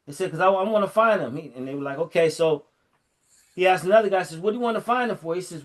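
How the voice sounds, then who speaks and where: A middle-aged man in casual chat, animatedly retelling a story and acting out the lines in a lower voice. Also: fast. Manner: animated storyteller, fillers and restarts, acts out quotes in a lower voice.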